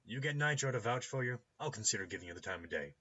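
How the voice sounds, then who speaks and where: A man's voice: medium pitch, expressive, quick pace, pushed and bright, dull audio, pitched above the performer's own voice. A man voicing a brusque, suspicious male gatekeeper on an intercom, with an American accent. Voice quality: brusque, curt.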